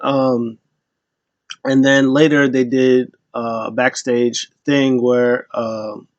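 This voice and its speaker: A man's voice: medium pitch, flat delivery, takes it slowly, no room sound, lo-fi sound. A man giving a casual, rambling wrestling recap and acting out what people said. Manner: loose, rambling retelling that acts out quotes.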